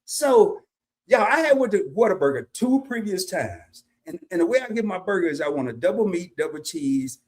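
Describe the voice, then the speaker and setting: A man's voice: high voice, big pitch swings, normal speed. A man, telling a casual story on his live stream and greeting chatters by name.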